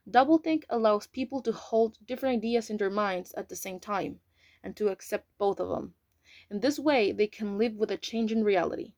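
A woman reads a novel aloud at a careful pace, now and then tripping over a word and correcting herself. Her voice sits in a middle pitch and sounds dry and close to the mic. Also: a little mellow, no room sound. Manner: careful reading with slips and self-corrections. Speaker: reader. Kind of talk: amateur audiobook reading.

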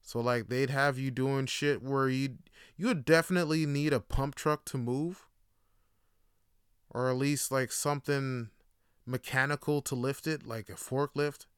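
Profane young man, smooth voice. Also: medium pitch, fairly even intonation, unhurried, fairly bright tone, no echo, studio quality. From Canada. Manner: profane, rambling, laughing storytelling. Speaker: podcast host. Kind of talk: casual monologue.

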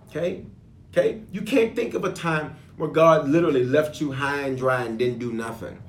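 Man, preacher, mid-pitched voice, loud emphatic bursts, throat clearing, echoey room. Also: brisk. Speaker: bishop. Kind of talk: sermon and prayer.

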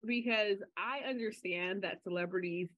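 A woman co-hosting a podcast in casual chat, telling stories in a chatty way and getting animated when she quotes people. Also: medium pitch, normal speed, dry recording. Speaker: podcast co-host. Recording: slightly dull lo-fi audio.

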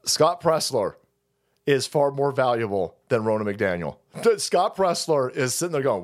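A man's voice: on the high side, animated, a little slow. A man hosting a political livestream, ranting in a heated, profane way. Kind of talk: ranting political commentary stream.

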